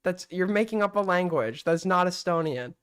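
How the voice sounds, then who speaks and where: A man's voice: sits high, expressive, moderate pace, fairly bright tone, clear, resonant tone. A young man hosting a live stream with call-ins, casual and mocking as he accuses a caller.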